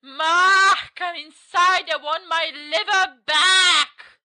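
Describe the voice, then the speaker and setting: A woman voicing a moaning, liver-hunting creature in a spooky campfire tale, with slow, drawn-out ghostly calls. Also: very high voice, fairly even intonation, sharp tone, voice pushed up, heavily acted. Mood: eerie.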